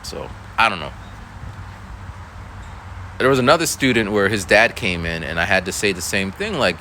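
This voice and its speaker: A man's voice: low-pitched, lively intonation, normal speed, pauses often, bright, forceful tone, slight background noise. A male schoolteacher telling a story in a casual, rambling monologue, full of restarts and voiced quotes. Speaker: school teacher.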